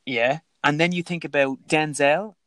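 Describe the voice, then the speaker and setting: A man's voice: on the high side, unhurried, a bit bright, clear, resonant tone, no echo. A man talking films enthusiastically as a guest on a phone call, with hesitations. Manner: enthusiastic film talk with hesitations. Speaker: podcast guest. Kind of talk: casual chat.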